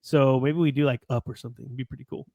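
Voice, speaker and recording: A man's voice: medium pitch, fairly even intonation, very fast, a little mellow, no echo, lo-fi sound. An American man co-hosting a casual soccer podcast, chatty and rambling, laughing often. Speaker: podcast co-host.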